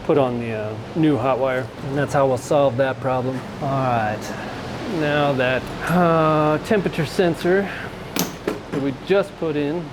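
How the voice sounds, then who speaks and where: A man's voice: medium pitch, a little slow, background noise. A man chatting to the camera while working on a truck in his garage, casual and joking. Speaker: vlogger wrenching on a truck. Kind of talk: casual workshop vlog. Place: home garage or shop.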